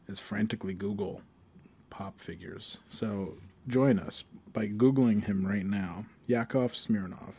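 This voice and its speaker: A man's voice: fairly low pitch, a little slow, hardly any pauses, mellow, husky. A man co-hosting a podcast in casual banter, laughing often and swearing as he talks. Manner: laughs often, swears, reads jokes aloud. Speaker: podcast co-host.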